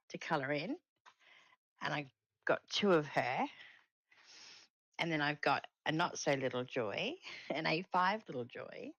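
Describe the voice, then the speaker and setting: A woman's voice: sits low, creaky, a bit bright, dry recording. A woman hosting a casual craft livestream from home, chatting with viewers and laughing often. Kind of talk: casual chat.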